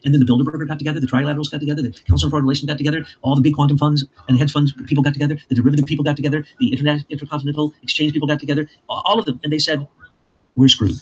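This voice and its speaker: A man with an Ozark accent hosting a casual talk show, insistent and quick, piling up lists. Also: fairly high pitch, flat delivery, darkish tone, slightly rough. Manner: rapid, insistent, piles up lists. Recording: muffled lo-fi recording.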